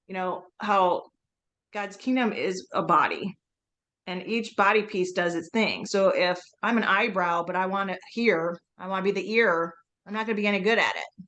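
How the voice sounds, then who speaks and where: A woman co-hosting a faith podcast, talking earnestly and quickly and laughing often. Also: mid-range voice, a bit bright. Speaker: podcast co-host.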